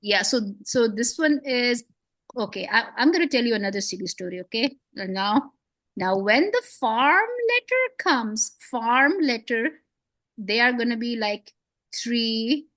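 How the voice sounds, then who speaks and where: A woman's voice: on the high side, lively intonation, unhurried, fairly bright tone, no room sound. A woman teaching beginners to read, patient and encouraging, with playful memory tricks and frequent praise. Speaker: Quran reading teacher. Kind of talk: one-on-one beginner lesson.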